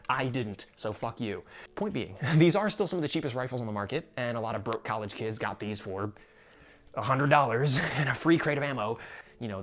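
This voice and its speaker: A man's voice: lowish voice, a bit bright. A young American man hosting a casual video about his collection, rambling with frequent laughs and free swearing. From United States. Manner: rambling, swears freely when annoyed, laughs often. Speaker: gun collector video host. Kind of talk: casual chat.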